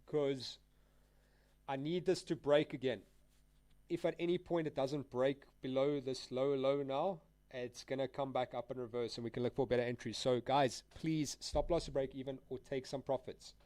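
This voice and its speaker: A man's voice: medium pitch, fairly even intonation, moderate pace, a little mellow, dry recording. Casual slangy trading streamer, a man. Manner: casual, slangy, addresses viewers as guys and dude. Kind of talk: live stream commentary.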